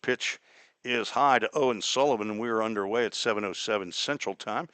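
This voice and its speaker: A man from Cincinnati calling a baseball game play by play, chatty and folksy, drifting into small talk between pitches. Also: moderate pace, pushed and bright, clear, resonant tone, dry recording. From Cincinnati, Ohio. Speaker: play-by-play announcer. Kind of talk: live baseball radio commentary.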